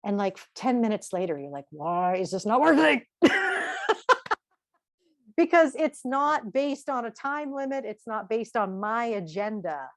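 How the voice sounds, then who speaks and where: A middle-aged woman speaking at a parenting seminar, lively, asking the audience questions and acting out quotes. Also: a little high, unhurried, no echo.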